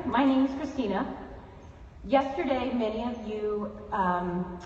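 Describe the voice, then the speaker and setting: A woman's voice: mid-range voice, highs cut off, noisy background. A woman from the audience asking a panel a question, a bit nervous and giggling. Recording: echoey hall mic from far off.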